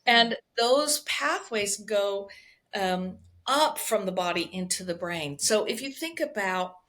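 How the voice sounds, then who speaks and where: A woman appears as a guest somatic healer in a conversational podcast interview, her mid-range voice lively in intonation, slow, and fairly bright. She explains things expressively, often checking in with "right?"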